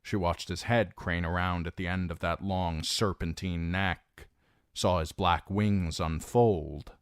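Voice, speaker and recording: Male narrator for a fantasy audiobook: deep, unhurried, dramatic delivery, dry close sound. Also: dry recording. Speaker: audiobook reader.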